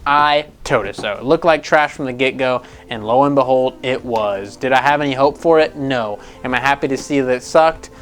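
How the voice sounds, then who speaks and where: A man hosting a casual gaming news show, talking in a profane, animated, rambling way with frequent laughs. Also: mid-range voice, moderate pace, hardly any pauses.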